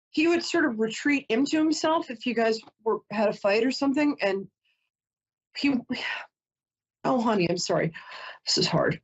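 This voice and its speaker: A woman with a slightly high voice gives a live call-in psychic reading, chatty and emotional, frequently breaking off to apologize. The audio sounds dull.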